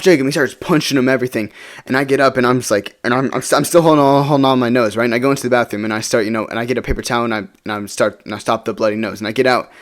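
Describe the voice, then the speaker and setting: A young man rattles off a casual storytime at a quick clip. He rambles, checks in with "right?" all the time, and curses offhand. His voice sits at an ordinary pitch for a man. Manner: rambling, keeps asking "right?", swears casually. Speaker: storytime vlogger.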